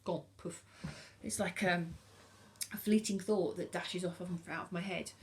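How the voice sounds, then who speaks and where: Gravelly-voiced British woman in her forties. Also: on the low side, fairly even intonation, a little slow. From United Kingdom. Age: 40s. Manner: hesitant, many ums and restarts; frank and earnest. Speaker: vlogger. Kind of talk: casual talk to camera.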